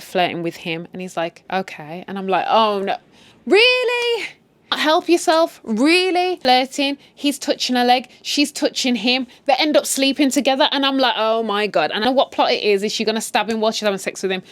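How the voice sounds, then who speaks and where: A woman's voice: fast, few pauses, no echo. Chatty woman retelling a wild story. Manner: animated, chatty, swings in pitch for emphasis. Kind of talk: casual story retell with commentary.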